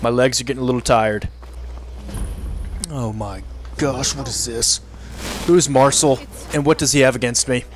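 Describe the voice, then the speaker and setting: A man giving joking let's-play commentary, partly in character, often laughing and yelling at enemies. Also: mid-range voice, fairly even intonation, normal speed, pauses often. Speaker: gaming video creator.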